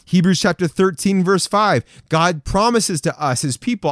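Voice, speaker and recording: A man preaching with a high voice that swings widely as he presses each promise home. His delivery is fervent and repetitive, and the recording is close and dry. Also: sing-song, moderate pace, few pauses, dry recording. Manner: fervent, repetitive, rising emphasis on quoted promises. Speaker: podcast preacher. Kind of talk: preaching to men, reading scripture.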